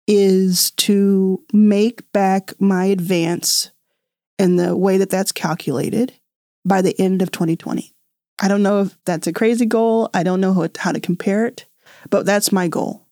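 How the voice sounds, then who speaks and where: A woman's voice: mid-range voice, steady tone, unhurried, dark tone, no room sound, clean studio sound. A woman hosting her own podcast, talking to listeners in an earnest, chatty way from a small podcast room. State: tearful. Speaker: podcast host. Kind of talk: casual heartfelt podcast monologue.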